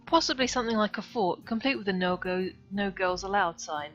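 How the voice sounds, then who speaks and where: A woman's voice: mid-range voice, fairly quick. A woman streaming herself reading a visual novel aloud, adding wry asides. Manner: wry asides between dialogue. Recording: dull lo-fi stream audio, faint music.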